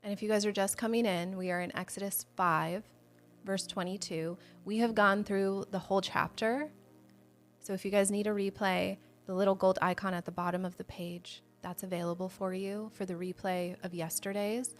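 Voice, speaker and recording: A woman's voice: medium pitch, steady tone, normal speed, faint music behind. A woman hosting a livestreamed devotional Bible teaching, speaking earnestly and conversationally to her viewers and candidly sharing her own struggles of faith. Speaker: host of a Bible study show.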